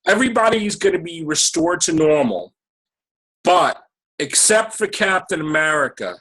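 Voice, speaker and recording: A man hosting a casual podcast, hoarse and losing his voice after being sick, eagerly cutting in to add details. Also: a little high, lively intonation, normal speed, a bit bright, low-quality recording. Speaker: podcast host. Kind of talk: casual chat.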